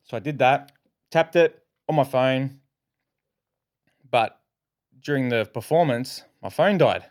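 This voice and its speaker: A man's voice: medium pitch, takes it slowly, dry recording, studio quality. Swearing Australian man telling a story. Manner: animated, heavy swearing, acts out his own quotes. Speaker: podcast co-host. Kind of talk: casual podcast storytelling. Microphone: podcast microphone.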